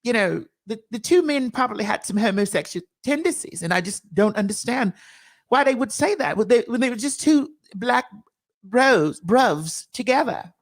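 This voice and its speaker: Lively playful woman talk show host. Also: on the high side, normal speed. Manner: playful, hamming up a mock British persona; laughs often, theatrical. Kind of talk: comedic talk show chat.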